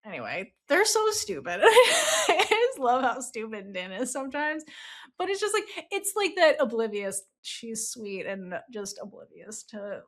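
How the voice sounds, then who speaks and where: Female podcast host, fairly high voice with lively swings, casual and animated, quick to laugh. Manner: animated, laughs often, acts out quotes. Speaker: podcast host reviewing a novel. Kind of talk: casual chat.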